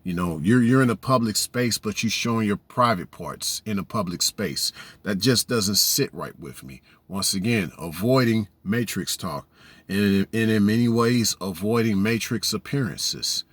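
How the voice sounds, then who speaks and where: A man's voice: on the low side, expressive, measured pace, a bit bright, no echo. A man giving a preachy casual monologue, often saying "you know what I'm saying". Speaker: vlogger.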